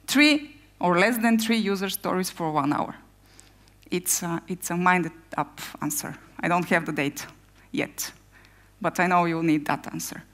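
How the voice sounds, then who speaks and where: A woman speaking as a product owner in a conference talk, energetic and given to firing rhetorical questions at the audience. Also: mid-range voice.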